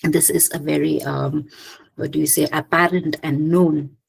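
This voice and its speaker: Khasi-accented woman doing an academic talk, gravelly low voice, lots of ums and restarts. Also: steady tone, poor audio. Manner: halting, many fillers and restarts, clears throat often. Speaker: linguistics presenter.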